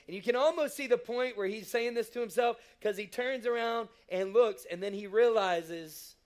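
A man's voice: high-pitched, moderate pace, hardly any pauses. A man preaching a sermon, talking in an enthusiastic, conversational way and leading the congregation in call-and-response. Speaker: pastor.

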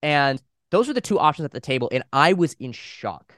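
A young man, a podcast guest, casually telling a story at a fast, animated pace and quoting other people as he goes. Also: fairly high pitch, dry recording, studio quality. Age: young adult. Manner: fast, animated retelling with quoted voices and swearing.

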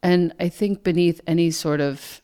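A woman's voice: fairly low pitch, moderate pace, warm tone, smooth. A woman in a casual conversation, reflecting thoughtfully on emotions and her son. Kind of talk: casual chat.

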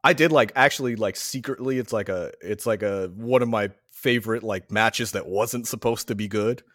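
A man's voice: fairly low pitch, normal speed, no room sound, studio quality. A man, a returning podcast guest and a father, ranting sarcastically in casual chat. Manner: sarcastic, animated rants.

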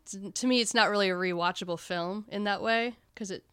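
Casting: woman, smooth clear voice, dry close sound, candid podcast co-host. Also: mid-range voice, brisk, no echo. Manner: candid, swears casually, lively. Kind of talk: casual podcast film discussion.

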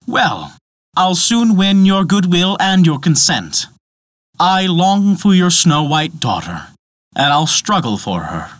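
A man's voice: high voice, very animated, takes it slowly, no echo, clean studio sound, voice pushed up, full character voice. A man putting on a haughty blunt dwarf. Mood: confident. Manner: haughty, testy. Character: blunt proud male dwarf, pale and testy.

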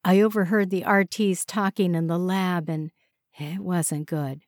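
A woman's voice: lowish voice, fairly even intonation, measured pace, a little mellow, no echo, clean studio sound, close to an everyday voice. A woman voicing Georgia, an earnest young woman who talks in an urgent, pleading way. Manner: pleading, insistent.

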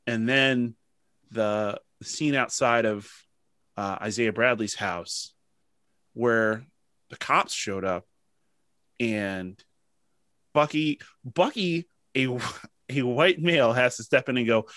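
A man hosts a casual podcast, his medium-pitched voice slow and smooth with no echo. He recounts stories with emotion and animation, leaning heavily on fillers.

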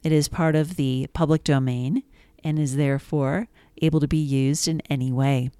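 A woman reading a children's story aloud, gentle and expressive. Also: low-pitched, moderate pace, smooth, dry recording, studio quality.

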